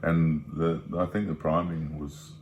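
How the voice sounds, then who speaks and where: A man's voice: rumbling low, flat delivery, a little slow, a little mellow, roomy sound, muffled recording, a little hiss or hum. A man chatting casually on a vlog, adding brief, supportive remarks. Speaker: vlogger. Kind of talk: casual chat.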